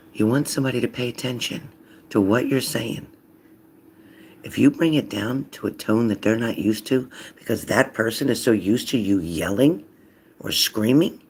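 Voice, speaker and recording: Gravelly man giving a psychic reading. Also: mid-range voice, slight background noise. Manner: animated, acts out loud and whispered voices. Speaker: psychic card reader. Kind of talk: casual spoken reading.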